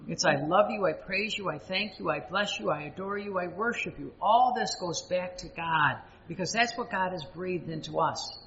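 High, bright-voiced male preacher in a hall. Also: dull audio, a little hiss or hum. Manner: emphatic, repetitive preaching with dramatic pauses and sudden rises. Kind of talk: sermon.

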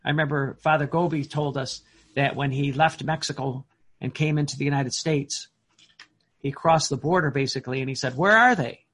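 A man preaching a sermon in an earnest, emphatic way, often pausing on fillers and restarting his words. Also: mid-range voice, level tone, breathy edge.

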